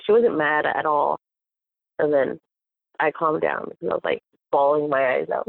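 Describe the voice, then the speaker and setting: Gravelly young woman on a tinny line. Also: low voice, brisk, dry recording. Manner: animated, acts out quoted voices, laughs often. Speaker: guest. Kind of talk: casual storytelling chat. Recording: tinny phone-like audio.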